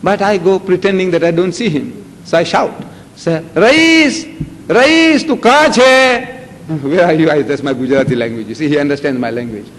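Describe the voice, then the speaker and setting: An older man with a South African Indian accent giving a religious lecture, telling stories with animated acted-out voices. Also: on the high side, quick pace. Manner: animated storytelling, acting out voices with rising shouts. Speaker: Islamic lecturer. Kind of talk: public lecture to an audience. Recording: echoey hall with faint background noise.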